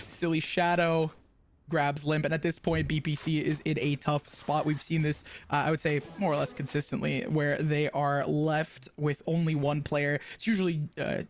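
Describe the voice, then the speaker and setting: An esports co-caster calling plays in quick bursts, laughing easily and hedging with fillers. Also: medium pitch, flat delivery, soft background music. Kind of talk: play-by-play commentary.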